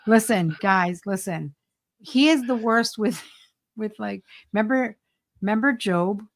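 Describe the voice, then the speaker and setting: A woman's voice: mid-range voice, animated, takes it slowly, vocal fry. A woman co-hosting a casual chat, teasing her partner and laughing often. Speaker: co-host.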